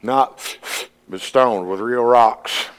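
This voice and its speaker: A man preaching a sermon, earnest, climbing to emphatic peaks and then dropping low. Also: very slow, clear, resonant tone. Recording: long hall reverb.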